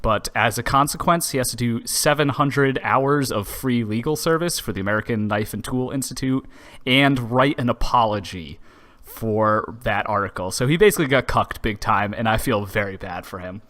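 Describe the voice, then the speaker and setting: A man's voice: mid-range voice, moderate pace, fairly bright tone. A man co-hosting a podcast, delivering news in a blunt, joking, profane way. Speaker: podcast co-host. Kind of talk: casual chat, news segment.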